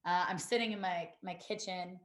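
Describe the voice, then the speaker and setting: Woman recounting a loss, halting. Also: lowish voice, steady tone, roomy sound. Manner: halting, many fillers and restarts, quotes others. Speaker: podcast guest. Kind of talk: emotional personal storytelling.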